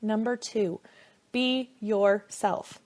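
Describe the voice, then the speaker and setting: A woman's voice: mid-range voice, fairly even intonation, drawn-out words, a little mellow. A woman hosting a sales training podcast, talking in an upbeat, chatty way and asking lots of rhetorical questions. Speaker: podcast host and jewelry seller.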